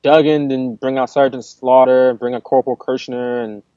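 A man co-hosting a casual wrestling podcast, talking fast and stumbling over repeated words as he thinks aloud. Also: medium pitch, level tone, mellow, no room sound, dull audio. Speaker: podcast co-host.

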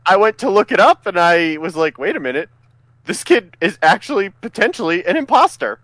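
A man's voice: high-pitched, very animated, brisk, fairly bright tone, no room sound. A man co-hosting a podcast, chatting casually, laughing often and setting up clips for the others. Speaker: podcast co-host. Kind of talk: casual chat.

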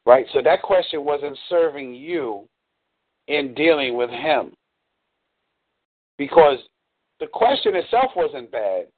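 Guy coaching over a tinny phone line, slightly high voice, earnest, says y'all. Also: sing-song, slow pace, pauses often. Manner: earnest, explanatory, uses y'all. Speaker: dating coach. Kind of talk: coaching call.

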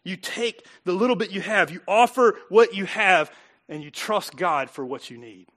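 A middle-aged man preaching a sermon in a church, talking conversationally and swinging from loud emphasis to quiet asides. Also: high-pitched, moderate pace. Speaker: pastor.

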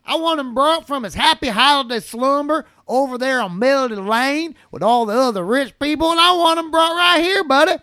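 A man's voice: very high-pitched, fairly quick, few pauses, dry recording, studio quality, pitched above the performer's own voice, heavily acted. A man putting on a comic impression of a movie dad, ranting in an over-the-top way. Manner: over-the-top shouted rant.

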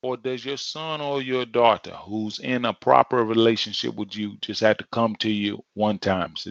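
A man's voice: lowish voice, fairly even intonation, a little fast, gravelly, few pauses, fairly bright tone, no room sound. A man preaching a sermon in a conversational, emphatic way, repeating phrases for effect. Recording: dull lo-fi sound.

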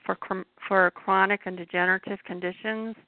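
A middle-aged woman with a gravelly voice, speaking in a measured, insistent way as a herbal health guest on a panel talk show. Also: medium pitch, flat delivery, no echo. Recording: dry tinny phone-like sound.

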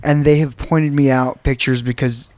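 A man co-hosting a casual talk show with quick, wry interjections. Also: medium pitch, fairly even intonation, darkish tone, no echo. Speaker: podcast co-host. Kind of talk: casual chat.

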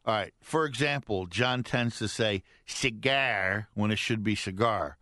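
Teasing radio host, dry. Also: male voice, fairly low pitch, measured pace, bright, forceful tone, dry recording. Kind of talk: radio talk show banter. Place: radio studio. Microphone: studio mic.

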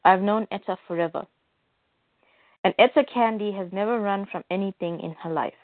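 Calm, steady male soldier read by a woman, plain delivery, phone-like sound, dry. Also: medium pitch, normal speed, dry recording, lightly acted.

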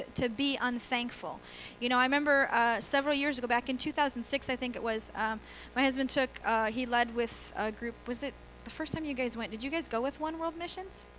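A woman's voice: fairly high pitch, a bit bright, a little hiss or hum, low-quality recording. A middle-aged woman pastor preaching a sermon in a church, telling stories in a chatty way with laughs and quoted voices. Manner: conversational storytelling with laughs and acted quotes.

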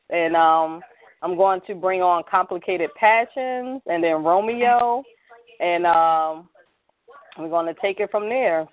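A host running a call-in talk show, affirming speakers often and bringing on the next guests. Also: medium pitch. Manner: affirming, frequent agreeing interjections. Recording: tinny phone line.

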